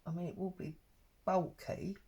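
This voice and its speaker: A woman's voice: on the low side, fairly even intonation, moderate pace, dark tone. A woman talking casually and rambling as she works on an embroidery project, with plenty of ums. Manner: rambling and chatty, with frequent ums. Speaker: craft vlogger. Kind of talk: casual stitch-along chat.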